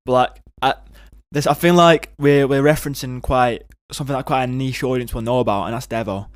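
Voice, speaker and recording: A man's voice: medium pitch, fairly even intonation, fairly quick, no echo, studio quality. A man, co-host and editor, rambling in casual improv banter. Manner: rambling, breaks character to comment.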